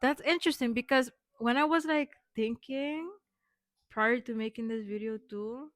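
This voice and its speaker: A young woman vlogging casually, rambling with many fillers and restarts, speaking warmly affirming words to her viewers. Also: on the high side, moderate pace, no room sound, clean studio sound. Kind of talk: rambling personal vlog.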